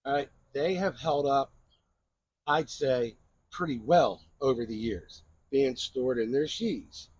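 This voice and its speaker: A man's voice: medium pitch, slow pace, darkish tone, slightly rough, no echo. A man hosting a knife channel, chatting casually in a rambling show-and-tell review and often asking "right?".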